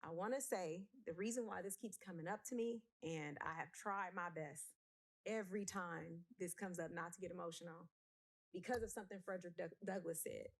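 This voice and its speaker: A woman's voice: lowish voice, a little fast. A woman speaking at a city council meeting, emotional, blunt and emphatic as she argues her point. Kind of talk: impassioned council meeting speech.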